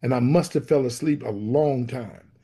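A man with a dark, husky voice, telling a personal faith story to an interviewer. He speaks earnestly and with emotion, slipping into the voices of the people in his story as he narrates. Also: medium pitch, moderate pace. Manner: vivid storyteller who acts out quoted dialogue. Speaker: guest sharing his faith testimony.

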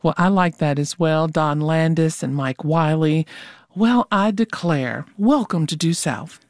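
A radio host interviewing two guests, asking questions in a measured, friendly manner. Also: mid-range voice, no echo, studio quality.

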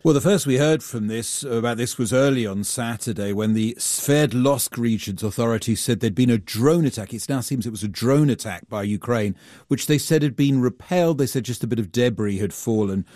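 A man's voice: medium pitch, normal speed, a little mellow, dry recording. A man reporting as a global affairs correspondent in a radio newsroom studio, explaining steadily with some fillers. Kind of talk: news analysis in studio.

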